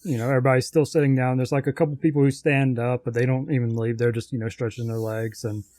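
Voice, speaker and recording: Male podcast co-host, warm mellow tone, easygoing chat, dry sound. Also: mid-range voice, fast talker, no room sound. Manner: relaxed, many short agreeing replies. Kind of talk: casual film discussion.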